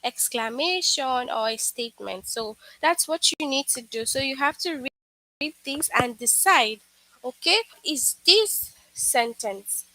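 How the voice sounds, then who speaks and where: High-voiced woman teaching young children. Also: lively intonation, a little slow, sharp tone, no echo, low-quality recording. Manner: patient, repetitive explaining with frequent "okay" and "all right". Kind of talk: online class lesson for young children.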